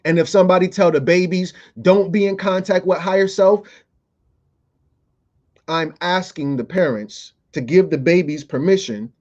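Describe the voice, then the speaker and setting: A man's voice: sits high, normal speed, darkish tone, muffled recording. A man hosting a podcast, delivering a playful, profane comedic monologue full of fillers. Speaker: podcast host.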